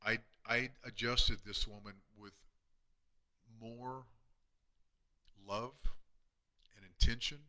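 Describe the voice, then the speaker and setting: A man, a chiropractor, telling emotional patient stories on a live stream, earnest and often dropping to a hushed voice. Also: mid-range voice, steady tone, slow pace, long pauses. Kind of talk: heartfelt storytelling on a live stream.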